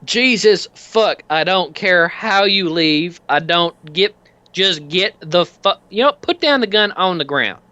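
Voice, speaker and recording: A man's voice: high-pitched, lively intonation, takes it slowly, sharp tone, dry recording, highs cut off, voice pushed up, full character voice. Man doing a foul-mouthed biker boss. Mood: angry. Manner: gruff, threatening, swearing constantly. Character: surly foul-mouthed male biker gang leader.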